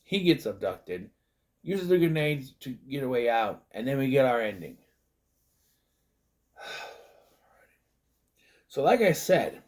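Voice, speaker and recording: A man recapping a movie in a loose, casual way, often slipping into quick put-on voices to act out the scenes. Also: medium pitch. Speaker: movie reviewer.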